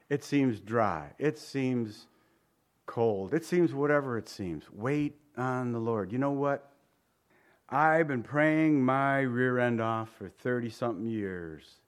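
A middle-aged man preaching a sermon, animated, jumping to high pleading voices for prayers and dropping low and soft for asides. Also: moderate pace.

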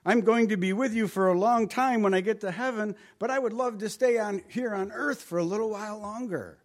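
A man voicing an anxious biblical king who begs God to let him live a little longer, his voice climbing high and whiny. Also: a little fast, close to an everyday voice. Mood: pleading. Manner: pleading, whiny, rising high.

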